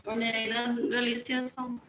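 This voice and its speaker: High-voiced rambling woman on a livestream. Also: monotone, normal speed, fairly bright tone. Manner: rambling, repeats phrases, drops into whispers. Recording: echoey room with clear background noise.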